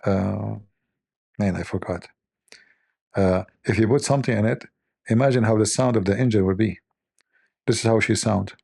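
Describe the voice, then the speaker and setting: Host type: husky, low-voiced man, mocking and rambling as he jokes. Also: normal speed, long pauses, a little mellow, no echo. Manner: mocking, rambling, thinks aloud. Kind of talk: joking commentary.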